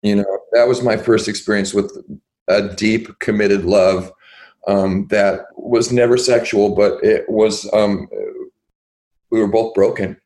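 An older man with a rather low voice tells his life story as an interview guest. He rambles and restarts, filling pauses with ums and uhs. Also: steady tone, a little mellow, poor audio. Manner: rambling, halting, with many fillers and restarts.

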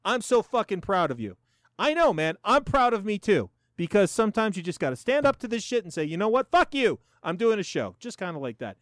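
Man, forties, sarcastic profane show host, high voice, very lively, dry close mic. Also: fairly quick, dry recording. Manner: animated, sarcastic, swears a lot. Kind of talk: profane casual commentary.

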